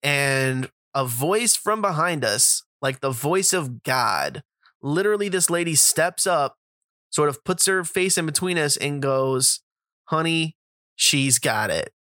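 A man tells a rambling, profane story in a casual podcast monologue, full of fillers and asides. His voice sits a bit high and comes across bright and forceful. The sound is dry and close. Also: expressive, unhurried, dry recording. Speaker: podcast host.

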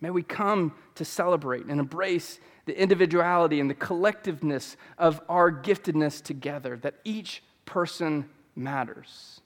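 A man's voice: fairly high pitch, moderate pace, few pauses. Man preaching a sermon, ringing hall. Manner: earnest, repeats key phrases for emphasis. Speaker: pastor. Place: church sanctuary.

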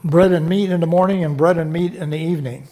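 A man's voice: on the high side, steady tone, fast, mellow. A man preaching a sermon, teaching from scripture and checking in with the congregation through short rhetorical questions.

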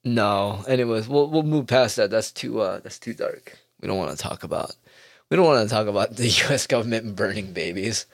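A man's voice: on the low side, animated, a little fast, creaky, no echo, clean studio sound. A young man in a comedic rant, sarcastic and profane, laughing often as he talks. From United States.

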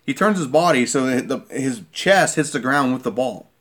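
A man in a worked-up football rant, his voice sitting in a middle pitch. He talks as an irate fan, hammering the same points over and over and checking in with a pointed "okay?". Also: animated, moderate pace, a bit bright. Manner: irate, repeats himself, keeps asking "okay?". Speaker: sports fan vlogger. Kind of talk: heated sports rant.

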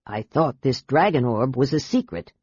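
A woman's voice: very deep voice, big pitch swings, normal speed, a little mellow, breathy edge, dry recording, lo-fi sound, voice pushed down, exaggerated voice. A woman voicing a dry, sardonic male knight in an audiobook. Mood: wry. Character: wry, hard-drinking male knight.

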